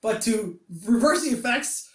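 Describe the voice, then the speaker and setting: A man hosting a podcast and chatting about comics. He rambles, laughs often and slips into a high voice to act out quotes. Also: unhurried, a bit bright. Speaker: podcast host reviewing comics. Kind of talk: casual podcast chat. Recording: roomy echo, distant from the mic.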